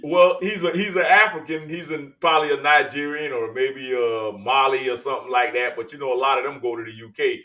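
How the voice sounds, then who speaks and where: A man's voice: mid-range voice, fairly even intonation, a little fast, few pauses, pushed and bright. A man from the United States hosting casual commentary on video clips, chatty and loose, talking to viewers as y'all. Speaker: host.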